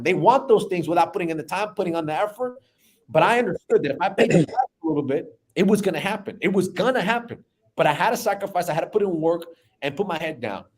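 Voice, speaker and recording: A man in his thirties, a business owner telling an emotional personal story in an animated way, often repeating words. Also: high voice.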